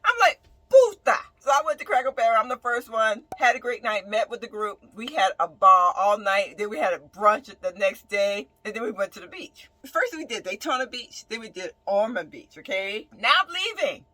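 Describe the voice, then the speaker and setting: Woman vlogger telling a story, bright punchy voice, dry close sound, keeps saying right?. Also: mid-range voice, fairly quick, hardly any pauses, no echo, low-quality recording. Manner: animated, emphatic storytelling with frequent "right?" asides; dramatic swings between loud outbursts and quiet mutters. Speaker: nurse and bus-dwelling vlogger. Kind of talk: casual storytime vlog.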